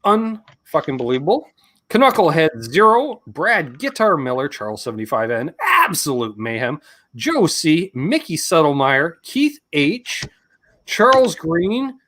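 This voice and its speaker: A man's voice: a little high, very animated, measured pace, fairly bright tone. A Canadian man co-hosting a live chat stream, rambling and reading out supporters' names. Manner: chatty, rambling, reads out names. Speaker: co-host. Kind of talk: casual livestream chat.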